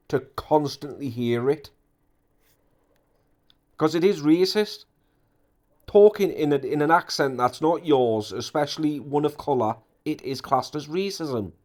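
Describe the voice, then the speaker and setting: A man's voice: medium pitch, a little mellow. A man giving indignant, repetitive ranting commentary on an online drama.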